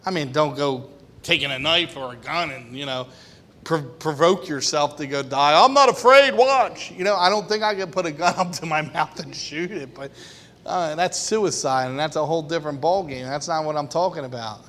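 A man's voice: fairly high pitch, moderate pace, fairly bright tone. A man preaching an informal sermon to a small group, conversational and laughing, acting out quoted voices. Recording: long hall reverb.

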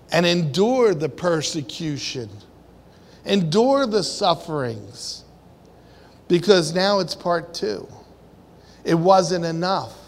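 A man preaching a sermon in a conversational way, asking his congregation questions and acting out the people in the story. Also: high-pitched. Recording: long hall reverb.

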